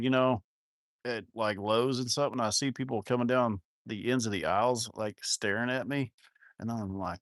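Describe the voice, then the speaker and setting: A man's voice: fairly low pitch, no room sound, studio quality. Joking man hosting a farm livestream. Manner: rambling, joking and self-mocking, with crude words. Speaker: livestream host of a cattle farm channel. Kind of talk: casual live-stream chat reading viewer comments.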